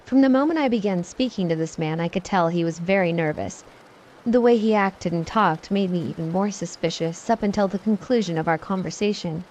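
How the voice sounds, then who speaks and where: Low-voiced woman narrating a scary story. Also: a little fast, slight background noise. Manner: steady, matter-of-fact first-person telling. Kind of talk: scripted horror story narration.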